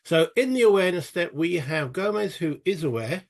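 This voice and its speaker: Chatty British man with a gravelly edge. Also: fairly high pitch, expressive, fairly quick. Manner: chatty, self-mocking, thinks aloud while playing. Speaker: solo board game player. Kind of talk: tabletop game playthrough narration.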